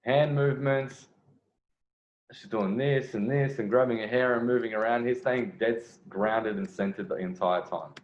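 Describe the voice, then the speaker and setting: A man's voice: medium pitch, normal speed. A man giving casual, blunt commentary on a video as a dating coach, swearing freely and restarting his phrases. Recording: echoey room, lo-fi sound.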